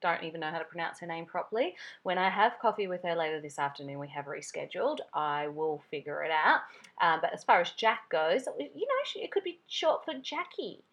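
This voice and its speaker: A young woman with an Australian accent talks straight to her listeners in a casual podcast monologue. She is chatty and tells stories, calling her audience guys. Her voice sits a little low for a woman. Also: expressive, brisk, a bit bright, muffled recording. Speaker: podcast host.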